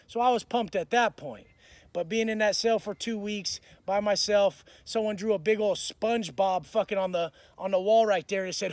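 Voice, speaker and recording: Tough-talking man, high voice, dry close sound, swears constantly, raw storyteller. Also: moderate pace, no room sound. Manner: blunt, profane, tough-talking. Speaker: motivational speaker. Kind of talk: profane storytelling monologue.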